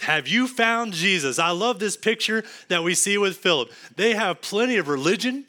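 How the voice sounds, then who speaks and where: Texas pastor guy preaching, kinda high voice, really bright and forceful, gets loud then goes quiet. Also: expressive, normal speed, hardly any pauses. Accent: Texan. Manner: earnest preaching, swings from emphatic to hushed. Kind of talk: sermon.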